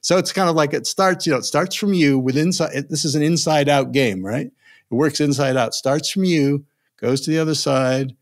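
A man's voice: on the high side, normal speed. An older man, a negotiation expert, telling a story in a podcast interview and acting out the voices of the people in it. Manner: animated storyteller, acts out quoted voices.

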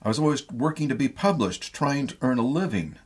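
A man reading the part of a smitten middle-aged writer, speaking earnestly and insistently in a husky voice. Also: mid-range voice, animated, a little fast.

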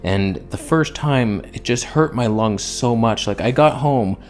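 A man's voice: medium pitch, unhurried, faint music behind. A man vlogging in a casual, rambling, self-mocking way while in back pain. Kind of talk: casual vlog monologue.

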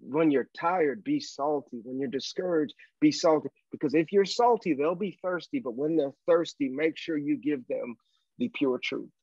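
Animated male storyteller on a dull line. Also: on the high side, moderate pace, breathy edge, dry recording. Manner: animated storyteller, preacher cadence. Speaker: guest speaker. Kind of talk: storytelling interview chat.

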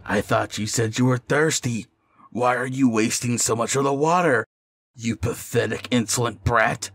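A man voicing a cruel, condescending male captor who taunts slowly over faint music. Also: mid-range voice, fairly bright tone, dry recording, clean studio sound. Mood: mocking. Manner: slow, drawn-out taunting.

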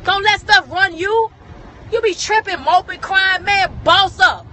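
Emphatic high-voiced woman ranting in a car. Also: measured pace, sharp tone, a faint crowd, slight background noise. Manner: emphatic, repetitive, preachy. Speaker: vlogger. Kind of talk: motivational rant in a car.

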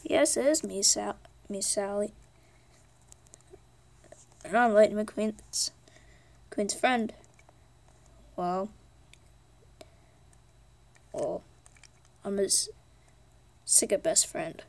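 A woman voicing a calm, steady old male race car in a toy play-acted story, talking matter-of-factly. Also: medium pitch, extremely slow, gravelly, pauses often. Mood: friendly.

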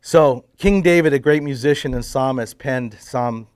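Middle-aged guy telling his faith story to a men's group, gets quiet and emotional, dry sound. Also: medium pitch, moderate pace, few pauses, clean tone, no room sound. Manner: emotional storytelling, drops to hushed tones. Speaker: testimony speaker at men's breakfast. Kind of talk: personal faith testimony.

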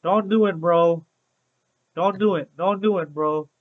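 A man's voice: high voice, unhurried, phone-quality sound. A young man streaming a game, chatting upbeat with his viewers and repeating phrases like "bro". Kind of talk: casual Let's Play commentary to live chat.

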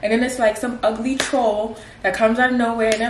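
Animated slangy woman vlogging. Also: on the high side, normal speed, hardly any pauses, noisy background. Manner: animated, slangy, dramatic storytelling. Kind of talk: casual vlog chat while getting ready. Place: at home doing makeup. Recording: roomy echo.

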